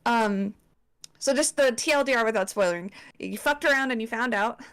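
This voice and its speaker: A woman's voice: fairly high pitch, normal speed, a bit bright, smooth. A young woman presenting a slideshow to friends in casual chat, swearing often and filling with likes and ums. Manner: chatty, swears, lots of fillers.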